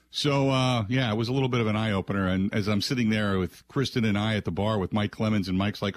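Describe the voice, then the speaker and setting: A man's voice: medium pitch, lively intonation, fairly quick. A man hosting a sports radio show, talking casually and rambling with fillers between segments. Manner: rambling, chatty, lots of filler and restarts. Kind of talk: casual radio talk with call-in prompts. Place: radio studio.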